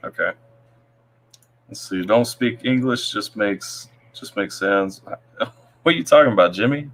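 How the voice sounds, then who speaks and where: A man's voice: lowish voice, animated, measured pace, fairly bright tone. A man hosting a casual live stream, reading viewer comments aloud in a laid-back way. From Tennessee. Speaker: livestream host.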